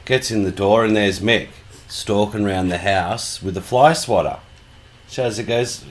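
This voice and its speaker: A man's voice: fairly low pitch, a little slow, fairly bright tone. An Australian man co-hosting a podcast, telling crude jokes and stories in casual chat. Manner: crude, swears a lot, tells jokes. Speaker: podcast co-host.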